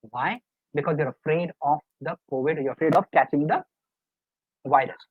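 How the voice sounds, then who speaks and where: A man's voice: on the high side, moderate pace, slightly rough, no room sound. A middle-aged man, a life coach giving a live webinar lecture in an earnest, coaxing, repetitive way. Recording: dry, tinny phone-like online call audio.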